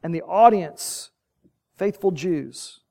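A man's voice: high voice, lively intonation, takes it slowly, vocal fry, dark tone. A man preaching a sermon, telling the story vividly and building to emphatic peaks.

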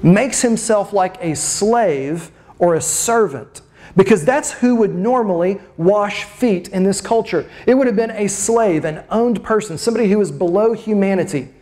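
Expressive preacher giving a sermon. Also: mid-range voice. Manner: expressive, with dramatic slow emphasis and rhetorical questions.

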